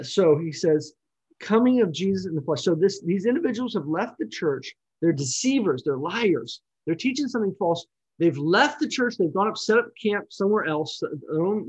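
A man with a slightly high voice teaches a Bible study, talking through a passage in a loose, conversational way. He restarts phrases and checks in with the listeners. The recording sounds dull and lo-fi. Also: slightly rough. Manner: explains in an unscripted, conversational way, with restarts and "right?".

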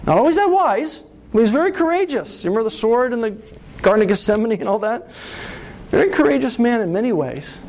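A middle-aged man preaching a sermon, telling a story with lively rises and falls and often asking "right?". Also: very high voice, fast talker. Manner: animated storytelling, asks "right?".

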